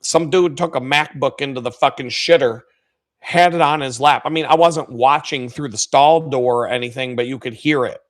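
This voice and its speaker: A man's voice: medium pitch, normal speed. A man hosting a live stream, telling crude workplace stories in casual speech full of swearing. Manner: crude, swearing, animated storytelling with laughs. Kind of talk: profane casual storytelling.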